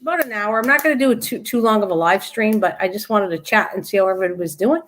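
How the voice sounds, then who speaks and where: A woman's voice: medium pitch, fast, fairly bright tone. An older woman hosting a casual live stream from home, chatting in a rambling way and greeting viewers by name.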